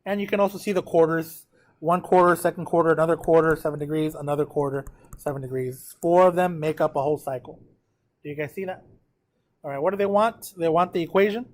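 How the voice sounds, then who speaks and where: A man teaching a math class, his voice sitting a little higher than most men's. He works through the problem out loud, counting numbers and checking in with the students as he goes. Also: fast talker. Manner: talks to students directly, counts out loud, thinks aloud. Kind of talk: lesson working through a problem aloud.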